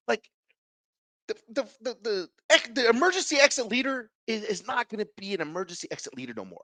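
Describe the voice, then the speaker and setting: A man hosts his own podcast, telling a personal story with plenty of swearing and acted-out dialogue. His pitch swings widely as he gets into it, and the recording is close and dry with no room sound. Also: fairly quick, no echo. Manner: animated, profane, acts out the dialogue. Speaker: podcast host. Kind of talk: casual storytelling.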